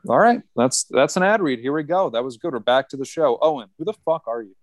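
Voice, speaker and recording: A man's voice: medium pitch, animated, fast talker, dry recording. A male podcast co-host jokes his way through casual banter and hams up mock ad reads. His voice sits in a middle register, and the recording is dry and close. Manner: joking, mock ad-read delivery.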